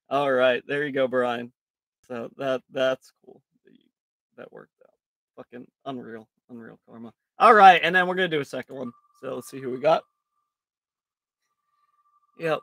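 A man's voice: fairly high pitch, creaky, bright, forceful tone, no echo, studio quality. A man hosting a live card break stream in casual chat, jokey and self-mocking, rambling with fillers and laughing often.

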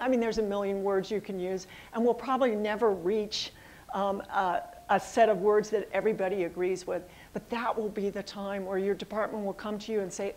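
A middle-aged woman, a college dean, answering audience questions in a hall, a little hoarse and pausing with ums and uhs. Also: medium pitch, a little mellow. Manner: thoughtful, with frequent ums and uhs. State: losing her voice a little. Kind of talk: public address with audience Q&A. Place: assembly hall.

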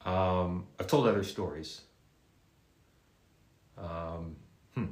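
Rambling man telling stories, roomy sound. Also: sits low. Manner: rambling, halting, repeats words and restarts. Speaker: voice actor guest at an autograph livestream. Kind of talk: casual live Q&A storytelling. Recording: roomy echo.

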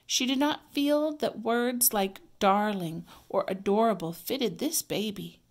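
A woman teacher reading a children's story aloud, clear, expressive and measured. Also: medium pitch.

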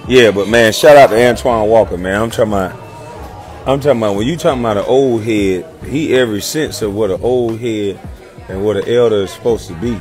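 A man's voice: lowish voice, brisk, darkish tone, faint music behind, some chatter behind. A man in his thirties, a former pro athlete, chatting casually in a playful way, full of slang, repeating himself and laughing as he talks. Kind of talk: casual chat.

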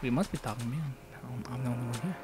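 A let's play host rattles off rapid-fire commentary in a slightly mellow, medium-pitched voice while playing a video game. He rambles goofily and cracks jokes, with faint music in the background.

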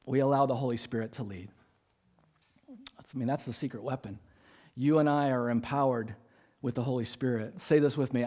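A man's voice: mid-range voice, fairly even intonation, brisk, pauses often, darkish tone. A man preaching a sermon as pastor, talking in a conversational, joking way and acting out little quoted exchanges.

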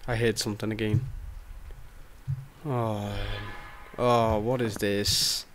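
A man's voice: on the low side, level tone, slow pace, a bit bright, a little hiss or hum. A man giving jumpy, swear-heavy commentary while playing a horror game. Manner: jumpy, swears a lot, nervous exclamations. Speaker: gaming youtuber. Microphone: headset or desk mic, noise-cancelling headphones.

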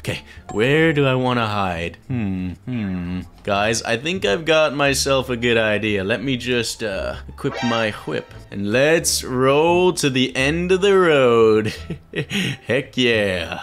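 Excitable young man, lively and teasing. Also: mid-range voice, takes it slowly, faint music behind. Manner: excitable, teasing, talks to the viewers. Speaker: YouTube gamer playing as Melon. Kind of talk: playful gaming commentary.

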